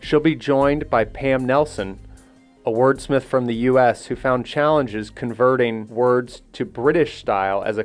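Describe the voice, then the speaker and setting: A man hosts a podcast, reading his introduction in a measured, friendly tone. His pitch sits in a middle range, and faint music plays behind him. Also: clean tone. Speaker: podcast host.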